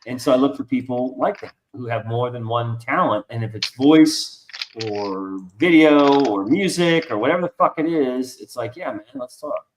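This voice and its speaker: A man's voice: mid-range voice, animated, normal speed, hardly any pauses, a little hiss or hum. Rambling, profane man in a roomy space. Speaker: artist and stream host. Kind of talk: casual chat. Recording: roomy echo.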